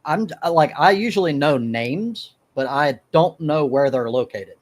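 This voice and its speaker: A man's voice: fairly high pitch, animated, unhurried. A man hosting a livestream, chatting casually and swearing freely. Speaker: streamer.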